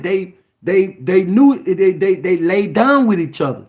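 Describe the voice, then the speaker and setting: A man preaching with fire, his high voice swinging wildly up and down as he stresses a point. He speaks slowly, repeats himself and now and then breaks into a shout. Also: big pitch swings. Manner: emphatic, repeats words, bursts into shouts. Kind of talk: fiery sermon.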